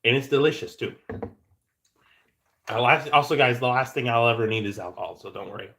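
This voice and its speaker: A man chats loosely on a live stream, answering viewers as he goes. His voice sits at an ordinary middle pitch. He rambles and jokes, often tripping over his words and starting sentences again. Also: fairly even intonation, a little fast, vocal fry, pushed and bright. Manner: rambling and joking, with frequent stammered restarts. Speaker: livestream host. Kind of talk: casual livestream chat answering viewers.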